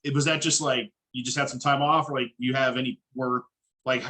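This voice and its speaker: A man hosts a podcast interview with a crisp, bright voice in an easygoing style. He rambles casually between questions and swears offhandedly now and then. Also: mid-range voice, steady tone, brisk, low-quality recording. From Dallas, Texas. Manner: laid-back, chatty, casual swearing. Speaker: podcast host.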